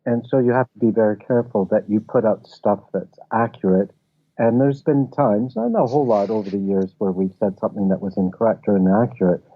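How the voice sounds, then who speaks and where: A man's voice: lowish voice, brisk. A man, a film festival founder, explaining ideas with anecdotes as a guest in a casual interview. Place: office. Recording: tinny phone-like line.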